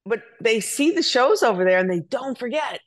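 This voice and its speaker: A woman guest in casual chat, telling stories in a chatty, animated way with frequent restarts. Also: a little high, moderate pace.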